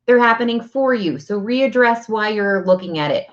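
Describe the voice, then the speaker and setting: A woman's voice: medium pitch, expressive, moderate pace, highs cut off. A woman giving a casual, earnest talk on energy healing, speaking directly and asking herself rhetorical questions. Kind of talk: casual spiritual talk to camera.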